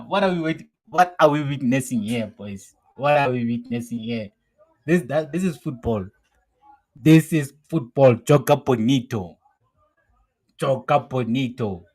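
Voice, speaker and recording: A young South African man hosts a live football watch-along, reacting as the match unfolds. He talks excitably, repeats his exclamations and keeps circling back to the same phrases. His voice sits a little high for a man. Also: low-quality recording. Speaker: football show host.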